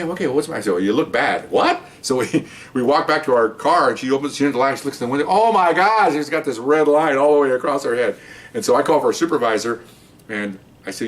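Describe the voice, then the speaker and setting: Fast-talking retired cop telling stories. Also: male voice, far from the mic. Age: older. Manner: chatty, repeats "okay?" and acts out quotes in higher voices. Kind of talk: casual anecdote storytelling.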